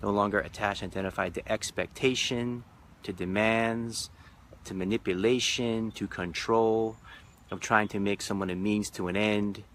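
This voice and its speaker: Bright-toned man leading a reflective talk. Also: fairly low pitch, steady tone, normal speed, slight background noise. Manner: repetitive, emphatic, rhythmic phrasing. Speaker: spiritual retreat leader. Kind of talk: reflective live-stream talk. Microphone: phone or webcam live stream.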